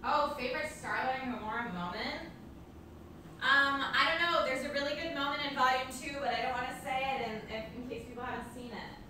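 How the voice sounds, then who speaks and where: A woman's voice: high-pitched, a little fast, bright, forceful tone, a little hiss or hum. A woman chatting casually on a live stream, chiming in offhand while being made up. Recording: echoey room, from far off.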